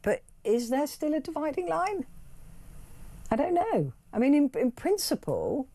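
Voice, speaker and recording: Late-night woman phone-in host, warm low voice, lively rambling delivery. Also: measured pace. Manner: rambling, thinks aloud with many restarts. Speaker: radio talk show host. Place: radio studio.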